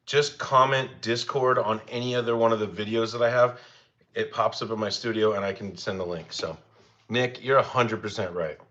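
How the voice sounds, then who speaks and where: Hosting a laid-back cooking livestream, a young man chats and rambles with his viewers at normal speed, his voice a bit bright. He speaks to his dogs in a higher register. Sound quality is slightly dull lo-fi.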